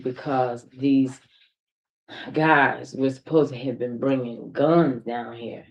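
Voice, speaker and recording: A woman's voice: very deep voice, steady tone, slow pace, lo-fi sound. Hesitant Midwestern woman giving a witness statement. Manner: hesitant and rambling, full of "you know". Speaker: witness in a police interview. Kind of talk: recorded police interview.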